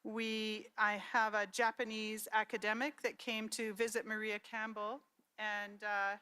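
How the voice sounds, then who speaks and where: Middle-aged woman from Saskatchewan, conference speaker, lively storyteller who quotes her family. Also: medium pitch, a little slow, clear, resonant tone. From Saskatchewan, Canada. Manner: storytelling, animated quoting of relatives. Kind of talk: conference talk with personal stories.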